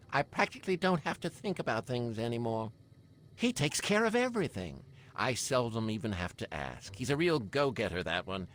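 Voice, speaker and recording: An actor playing a smug, genteel older landlord in a video game, with a refined, pompous drawl. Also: male voice, medium pitch, a bit bright.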